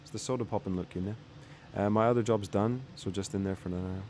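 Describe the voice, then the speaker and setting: A man's voice: fairly low pitch, steady tone, fairly quick, a little mellow, slight background noise. A young man streaming casually, laid-back and rambling, with some swearing. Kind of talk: casual livestream chat.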